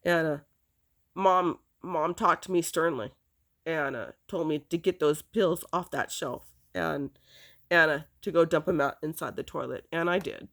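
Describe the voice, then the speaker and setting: A woman telling a personal story in a rambling, halting way, chuckling now and then. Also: low-pitched, creaky, a bit bright.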